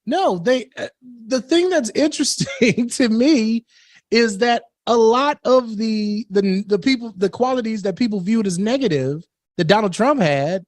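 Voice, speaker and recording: Radio host, male, slightly high voice, blunt, dry studio sound. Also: expressive, a little slow, no room sound. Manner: blunt and opinionated, laughing between points. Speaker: radio talk show host. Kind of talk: political talk radio chat.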